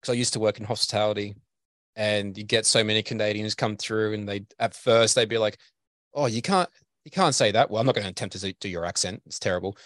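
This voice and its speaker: A man's voice: lowish voice, little pitch movement, quick pace, a bit bright, dry recording. Aussie guy interviewer, friendly rambly questions, dead dry close sound. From Australia. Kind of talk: casual interview chat.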